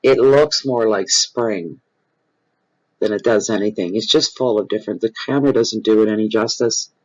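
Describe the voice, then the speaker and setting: A man, hosting his own tarot channel and talking casually and off the cuff to viewers. He is expressive and rambling, and he repeats phrases for emphasis. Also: on the low side, moderate pace. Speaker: tarot reader and channel host. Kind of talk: casual improvised spiritual talk to viewers. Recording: dull lo-fi recording.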